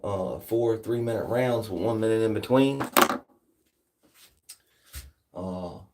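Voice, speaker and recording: A man's voice: lowish voice, normal speed, very noisy. A man with a Southern US accent chatting casually with viewers, laid-back and slangy, tired after a workout. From United States. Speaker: streamer. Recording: distant from the mic.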